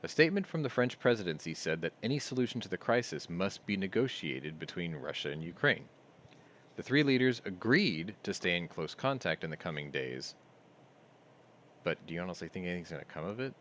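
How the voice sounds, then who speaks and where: A man's voice: low-pitched, sing-song, fairly quick, fairly bright tone, slight background noise. A man hosting a casual livestream, reading news headlines aloud and riffing on them with sardonic asides. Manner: sardonic, reads headlines then riffs on them.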